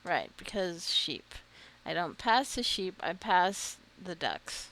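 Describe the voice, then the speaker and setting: Female streamer, self-deprecating gameplay chatter, lively pitch that jumps around. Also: slow. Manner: self-deprecating, muttering to herself, nervous laughter. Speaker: gaming streamer. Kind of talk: casual gameplay commentary.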